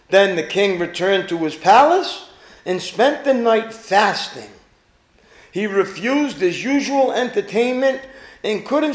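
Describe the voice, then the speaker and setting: High-voiced animated male pastor. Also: roomy sound. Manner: animated preaching, rhetorical questions to the congregation. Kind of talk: sermon.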